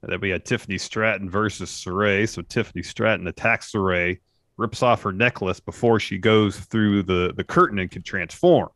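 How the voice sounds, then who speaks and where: A man co-hosting a wrestling podcast, giving a steady, casual play-by-play summary from his notes. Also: fairly low pitch, normal speed, no echo, studio quality. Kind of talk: casual chat recapping a wrestling show.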